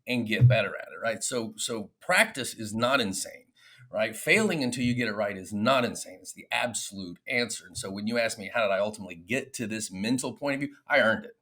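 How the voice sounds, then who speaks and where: A man who is a guest on a podcast, telling stories from his own experience in a candid, animated way. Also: lowish voice, fairly quick. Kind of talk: casual interview storytelling.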